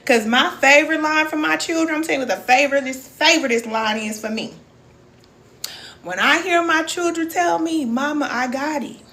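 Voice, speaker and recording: A woman's voice: high-pitched, normal speed, bright, forceful tone. A woman in her forties with a Southern US accent, speaking as a wellness coach and reading viewer comments aloud with a preacher-like cadence. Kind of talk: live-stream motivational talk.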